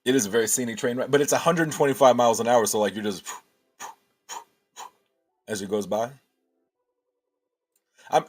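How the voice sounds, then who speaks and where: A man hosting a casual livestream, thinking aloud and answering chat with many restarts. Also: medium pitch.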